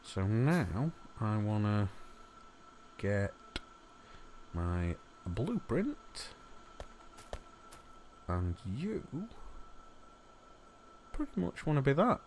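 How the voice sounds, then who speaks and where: A man's voice: fairly low pitch, big pitch swings, very slow, long pauses, a little mellow, a little hiss or hum. A man giving casual gameplay commentary as a let's play host, chatty and muttering asides to the objects on screen.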